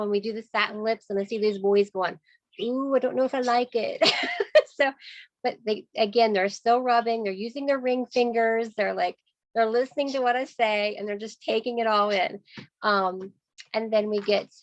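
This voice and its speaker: A woman sales consultant, telling a lively story on a video call, acting out voices and laughing often. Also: mid-range voice, normal speed, no echo, dull audio.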